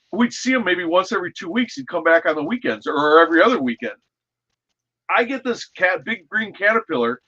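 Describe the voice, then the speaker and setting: Hosting a casual chat, a man from the American Midwest with a high voice tells a story in an animated, profane way. The lo-fi recording sounds dull.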